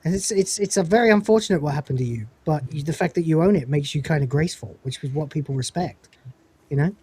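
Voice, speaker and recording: A man's voice: a little high, animated, darkish tone, breathy edge, dry recording. A British man hosting a live panel stream, mocking and swearing freely, laughing often. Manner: profane, mocking, quick to laugh. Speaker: livestream host. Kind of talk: casual panel chat.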